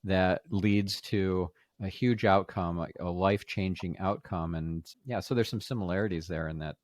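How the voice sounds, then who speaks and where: A man hosting an interview podcast, talking haltingly with frequent pauses. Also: low-pitched, steady tone. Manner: halting, many fillers and restarts. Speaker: podcast host.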